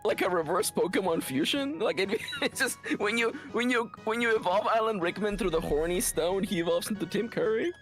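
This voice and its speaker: A man's voice: sits high, fairly bright tone, faint music behind. A man streamer joking and rambling in casual chat while playing a game. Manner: rambling, joking, quick asides.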